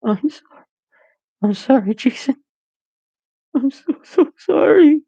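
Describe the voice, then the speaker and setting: A frantic teenage boy, put on by a man, pleading in a strained, raised voice that edges toward sobbing. The delivery is slow and gravelly underneath. It sounds dull and lo-fi, like a home recording. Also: darkish tone, dry recording. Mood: tearful. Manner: high strained pleading voice, breaking into sobs. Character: teen boy, anxious, pleading, tearful.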